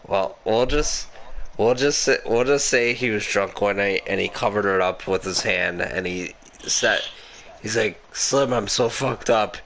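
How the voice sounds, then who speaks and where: A man's voice: on the low side, steady tone, measured pace, creaky, a bit bright, slight background noise. A man with an Upper Midwest American accent, telling rambling gaming stories in casual chat, swearing and laughing a lot. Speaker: gaming podcast host.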